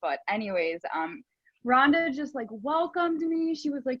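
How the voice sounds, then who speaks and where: A woman's voice: high voice, sing-song, unhurried, dry recording, dull audio. A woman on a group video call, gushing about a friend in a casual, bubbly way and laughing often. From Cleveland area. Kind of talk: casual heartfelt tribute.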